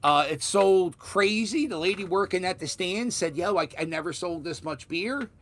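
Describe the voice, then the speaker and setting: A man's voice: sits high, normal speed. A man from Philadelphia with a Philadelphia accent, telling a story in a casual vlog, rambling with restarts and the odd swear word. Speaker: vlogger.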